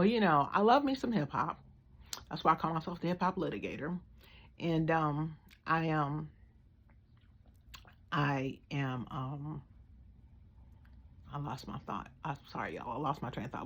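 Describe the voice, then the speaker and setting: An American woman giving blunt, slangy, animated opinion commentary in a casual vlog. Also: sits low, a little slow, long pauses. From United States. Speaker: vlogger.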